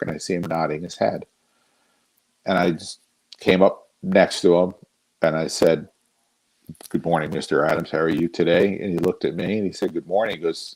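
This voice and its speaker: A man with a very low, husky voice tells a story at an easy pace. He is a guest artist from Northern New Jersey, talking casually and poking gentle fun at himself. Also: poor audio. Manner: relaxed, anecdotal, self-deprecating.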